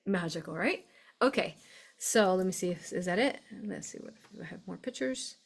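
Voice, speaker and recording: A woman's voice: fairly low pitch, lively intonation, moderate pace, creaky. A woman from the United States hosts a spiritual live stream in a loose, chatty way. She gushes, laughs often and keeps saying fillers as she talks her viewers through images on her screen. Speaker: host of a spiritual live show. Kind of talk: casual live-stream talk.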